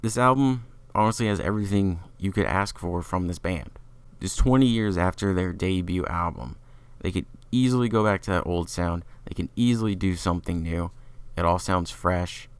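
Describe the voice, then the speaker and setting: A young man with a deep voice and a gravelly fry in it hosts a podcast. He reviews an album in an opinionated, rambling way and leans on "like" as a filler. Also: normal speed, no echo. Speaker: podcast host.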